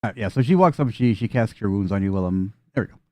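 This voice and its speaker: A man's voice: on the low side, expressive, rapid-fire, darkish tone, no room sound, studio quality. A man narrating a tabletop game as game master, casual and joking with frequent fillers.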